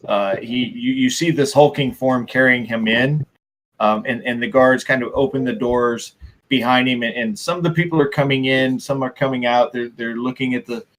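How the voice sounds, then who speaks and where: A man running a tabletop role-playing game as game master, describing scenes in an animated way and often repeating words. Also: mid-range voice, normal speed. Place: home streaming setup.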